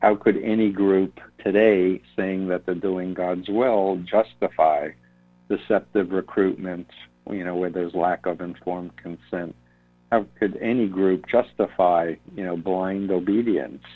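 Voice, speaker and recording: A man's voice: sits low, fairly even intonation, unhurried, no echo, faint music behind. A man, an author, answering interview questions in an earnest, explanatory way, often repeating a word while he searches for the next. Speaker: author and guest. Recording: tinny phone-line sound.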